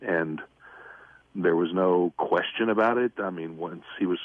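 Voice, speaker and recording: Low-voiced male caller on a phone line. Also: dry recording. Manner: halting, many ums. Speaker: anonymous caller. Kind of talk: phone-in story. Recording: tinny fading phone line.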